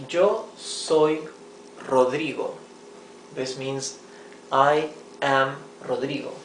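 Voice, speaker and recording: A man teaching a language lesson at a whiteboard, explaining patiently, checking in with "okay?" and "right?", and repeating words slowly. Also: medium pitch, a bit bright, roomy sound, slight background noise, poor audio. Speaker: Spanish teacher.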